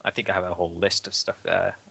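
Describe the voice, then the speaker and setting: Low gravelly man cracking dry jokes. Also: little pitch movement, fast, bright, forceful tone. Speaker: podcast panelist. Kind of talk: casual podcast chat.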